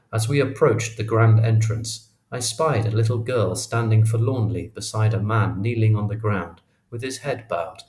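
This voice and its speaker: A man narrating a memoir audiobook in a measured, expressive storytelling manner. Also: fairly low pitch. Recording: roomy echo.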